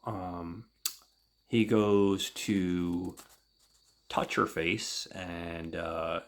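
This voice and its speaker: A man hosting a podcast, recapping a comic book in a casual, halting way with many fillers. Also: low-pitched, flat delivery, a little hiss or hum. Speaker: podcast host.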